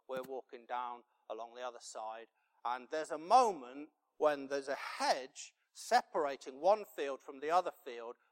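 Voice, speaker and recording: A middle-aged man preaching a sermon, telling a family story that builds to loud, impassioned preaching. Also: medium pitch.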